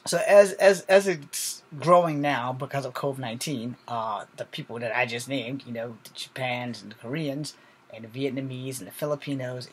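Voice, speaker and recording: A man's voice: mid-range voice, slightly rough. A man talking casually to his viewers in a blunt, rambling monologue, swearing freely and checking in with "all right?" asides. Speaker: video host.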